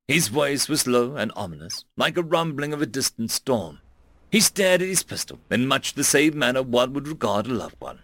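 A man narrating an audiobook with a dramatic, expressive reading. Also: mid-range voice, moderate pace, no echo.

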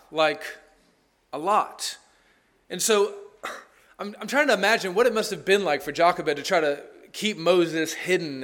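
A man's voice: on the high side, pushed and bright. A man preaching a sermon in a church, earnest and emphatic, with repeated phrases and rhetorical questions. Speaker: pastor. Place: church sanctuary.

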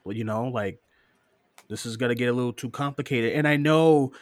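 A man's voice: medium pitch, a little fast, dry recording. A man co-hosting a casual live-stream show, reading listener questions, laughing often and cursing freely. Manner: animated, profane, laughs often, mocking voices.

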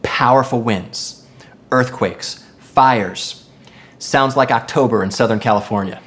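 A pastor preaching a sermon in an expressive way, moving between emphatic lines and hushed ones. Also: mid-range voice, normal speed, gravelly.

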